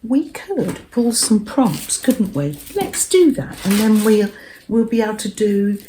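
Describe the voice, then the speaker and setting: An older English woman hosting a cozy craft vlog, talking in a gentle, rambling way that often drops to a soft murmur. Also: mid-range voice, a little hiss or hum. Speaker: craft vlogger.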